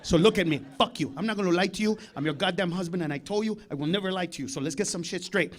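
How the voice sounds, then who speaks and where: A comedian voicing his blunt, foul-mouthed father with a gruff, lowered voice. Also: quick pace.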